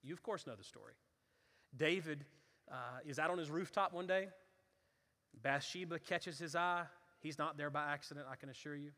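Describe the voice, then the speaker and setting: A man's voice: a little high, normal speed, bright, forceful tone. A man preaching a sermon, telling the story with acted-out voices and building to fervent intensity. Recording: reverberant hall.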